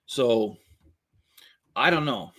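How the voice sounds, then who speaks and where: A man's voice: medium pitch, expressive, very slow, a bit bright. Chatty joking man in his fifties. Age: 50s. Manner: rambling and jokey, chuckles often. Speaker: host building LEGO sets while reading viewer chat. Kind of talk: casual live-stream chat.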